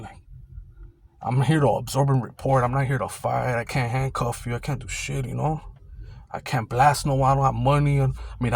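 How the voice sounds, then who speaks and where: A man's voice: medium pitch, gravelly. A young man casually telling a rambling, profane storytime about his old security job, full of street slang.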